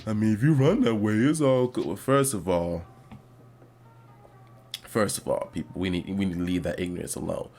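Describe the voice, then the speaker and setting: A man's voice: deep voice, moderate pace, pauses often, faint music behind. Rambling man chatting about games. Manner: rambling, animated, many fillers and restarts. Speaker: podcast host. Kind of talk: casual gaming chat.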